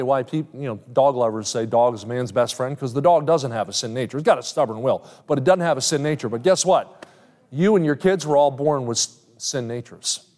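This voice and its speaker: A man's voice: medium pitch, a little mellow. A middle-aged man preaching a sermon, teaching step by step and putting questions to the congregation. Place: church. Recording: long hall reverb.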